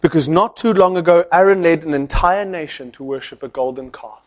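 Animated male preacher telling a story. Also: fairly high pitch. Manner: animated storyteller with dramatic pauses. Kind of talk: sermon storytelling.

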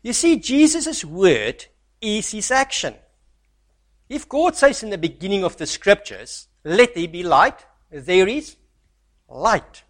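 Man, preacher, sermon, scripture reading, fairly high voice, loud stresses and soft asides. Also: big pitch swings, slow. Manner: reads scripture aloud, swings from loud emphasis to near-hushed asides.

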